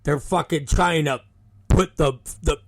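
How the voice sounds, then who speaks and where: A male show host and wrestling promoter, telling a story casually in a profane, animated way. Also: a little high, unhurried, vocal fry. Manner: animated, profane, acts out the people in his stories.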